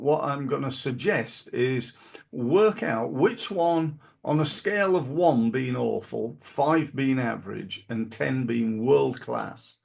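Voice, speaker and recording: A middle-aged British man with a gravelly, creaky voice hosts a podcast. He gives business advice in a loose, chatty way, full of fillers, restarts and asides. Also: mid-range voice. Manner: rambling, many fillers and restarts. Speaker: podcast host. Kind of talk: casual advice talk.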